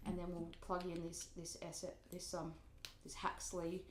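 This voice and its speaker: A woman's voice: on the low side, monotone, unhurried. A woman, a singer, chatting casually and a bit self-deprecatingly while demonstrating microphones in her home recording setup. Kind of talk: casual demo talk. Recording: echoey room, faint noise.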